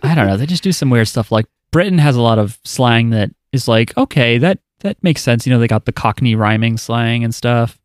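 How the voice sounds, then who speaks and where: A man's voice: medium pitch, lively intonation, brisk, few pauses, smooth, no echo, studio quality. A man hosting a casual podcast chat and offering wry, joking opinions. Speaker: podcast host.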